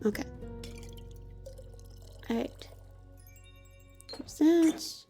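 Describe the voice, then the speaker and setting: A woman's voice: high voice, lively intonation, very slow, gravelly, warm tone, soft background music. A woman streamer chatting casually over a cozy game, gushing with frequent gasps of delight.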